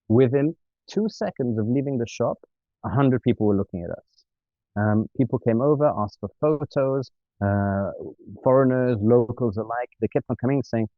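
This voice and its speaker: Male interview guest, lowish voice, self-mocking storyteller who acts out dialogue, tinny phone-quality audio. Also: dry recording. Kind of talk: telling a funny travel story. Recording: dry, tinny phone-like sound.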